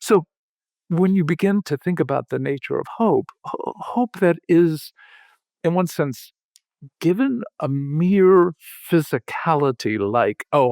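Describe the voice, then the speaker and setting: Slow, halting older man. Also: gravelly, darkish tone, no echo, studio quality. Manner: slow, halting, with restarts and sudden lifts in pitch. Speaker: podcast host. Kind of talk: reflective conversation.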